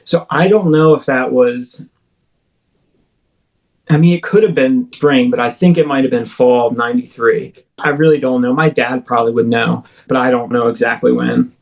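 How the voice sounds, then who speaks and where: A creaky, medium-pitched male voice with a steady tone and moderate pace comes through on poor audio. The speaker, a man in his thirties, is an interview guest vividly telling his own story, frequently pausing and restarting.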